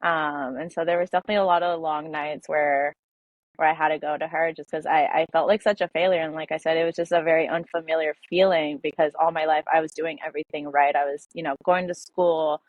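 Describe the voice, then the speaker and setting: Brief: young woman, lowish voice, hesitant personal storytelling, dry dull lo-fi audio. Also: little pitch movement, no room sound. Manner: halting, filler-heavy, emotional retelling. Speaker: podcast guest.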